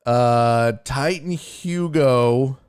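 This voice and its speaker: A man hosting a casual sports live stream, talking in an animated, incredulous way and swearing freely. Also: medium pitch, drawn-out words, clean tone. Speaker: sports show host and streamer.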